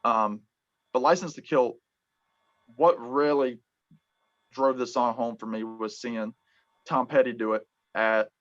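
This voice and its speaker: A man hosting a casual music chat, talking in halting bursts full of ums and restarts. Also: medium pitch, fairly even intonation, fairly bright tone. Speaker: podcast host. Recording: dull lo-fi sound.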